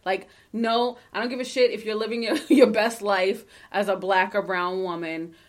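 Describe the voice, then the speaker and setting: A woman co-hosting a casual podcast, talking in an animated way, swearing and laughing often as she reads a listener letter. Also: mid-range voice, normal speed. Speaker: podcast co-host.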